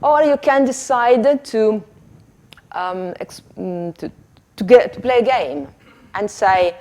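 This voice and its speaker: A woman's voice: mid-range voice, lively intonation, slow pace, a little mellow. A woman giving a teacher-training workshop, talking hesitantly with fillers and laughing at herself, on a handheld microphone. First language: Italian. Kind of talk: workshop lesson demonstration.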